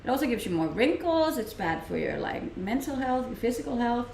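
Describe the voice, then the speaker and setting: A woman's voice: on the high side, very animated, brisk, vocal fry, darkish tone, a little hiss or hum. A young woman from Denmark with a Danish accent, chatting casually on a live stream and answering viewers' questions, laughing often. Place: room at home, streaming. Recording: roomy home-mic sound.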